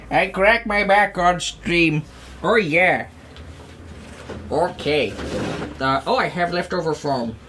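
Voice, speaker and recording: A man's voice: on the high side, sharp tone, a little hiss or hum. A man live-streaming while he crafts, rambling in goofy, playful self-talk with lots of little asides. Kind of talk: casual livestream chatter while crafting.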